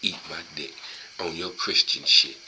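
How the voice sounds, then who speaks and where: A man's voice: very deep voice, a little slow, pushed and bright, a little hiss or hum, rough recording. A man casually reading from a book aloud and going off on long profane, rambling tangents.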